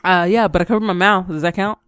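A woman co-hosting a casual chat show, talking in a relaxed, giggly way with lots of "like" and "um". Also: lowish voice, fast, clean tone. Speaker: co-host.

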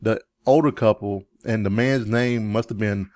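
A man co-hosting a casual podcast chat about movies, animated and chuckling often. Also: moderate pace, no echo. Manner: animated, chuckling, jumps into high mimicking yells. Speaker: podcast co-host.

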